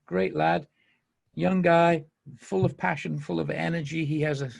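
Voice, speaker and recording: A man with a Mancunian accent hosts a podcast in a loose, rambling monologue, laughing often as he goes. His voice is deeply gravelly and a little husky, sitting slightly higher than most men's. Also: fairly even intonation, measured pace. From England. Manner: enthusiastic, rambling, frequent laughs. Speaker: podcast host. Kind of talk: casual monologue.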